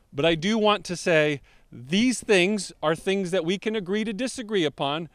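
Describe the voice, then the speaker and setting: A man preaching a sermon as pastor, slowing down to stress key words. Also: a little high, clear, resonant tone, no room sound.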